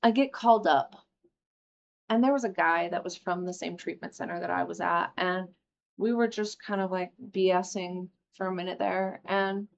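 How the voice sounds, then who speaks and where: A young woman candidly telling a personal recovery story, emotional and quick to swear. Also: lowish voice, steady tone, gravelly. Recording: slightly dull lo-fi audio.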